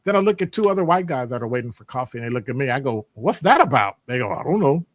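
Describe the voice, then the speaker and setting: A man talking casually in a rambling monologue, animated and digressive, jumping into high voices when quoting people. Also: fast, dry recording. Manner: conversational, digressive. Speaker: podcast host; academic department member.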